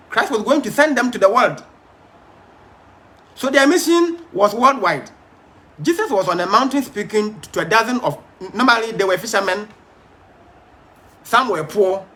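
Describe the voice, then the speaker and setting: A man's voice: high voice, pushed and bright. A man preaching a Bible study sermon, emphatic, stumbling and repeating words, and asking his audience questions.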